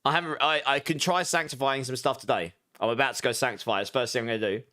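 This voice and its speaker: A man's voice: mid-range voice, steady tone, bright, forceful tone. A man in his thirties with an Essex accent, chatting casually with viewers while streaming a game and reading out their messages. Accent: Essex English. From southeast England. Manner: chatty, reads out viewer messages, quick asides. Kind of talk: casual live-stream chat.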